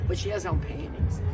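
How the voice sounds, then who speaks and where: A man with a Southern US accent chatting to camera in an animated, exclaiming storytelling way. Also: a little high. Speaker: social media personality. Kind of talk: casual monologue to phone camera.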